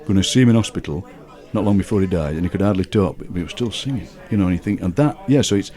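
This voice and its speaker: A man with a Barnsley Yorkshire accent, a writer and broadcaster telling lively family stories in a casual interview. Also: low-pitched, fast talker. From Yorkshire, England. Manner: lively storyteller, laughing and putting on relatives' voices.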